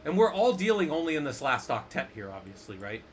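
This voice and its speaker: A man's voice: a little high, sing-song, a little fast, slight background noise. A man teaching a casual screen-share lesson as an instructor, playful and jokey, often asking the viewers questions.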